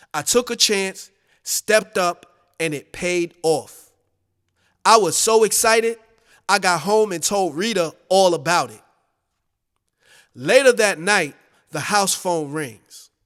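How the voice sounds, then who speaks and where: A man narrating his own audiobook in the first person, in an unhurried, conversational storytelling manner. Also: high-pitched, fairly bright tone, long reverb tail.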